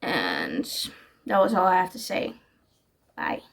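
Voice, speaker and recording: A woman's voice: on the low side, huge pitch swings, slow pace, gravelly, slight background noise. A young woman chatting casually in her reading vlog, gushing and giggly about the books she's read. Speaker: book vlogger.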